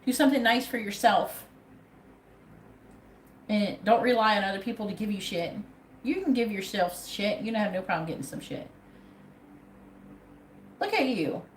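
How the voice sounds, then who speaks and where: A woman's voice: mid-range voice, lively intonation, moderate pace, pauses often. A woman giving a live tarot reading, talking in a blunt, profane way with a pep-talk delivery. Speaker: tarot reader. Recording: echoey room with faint background noise.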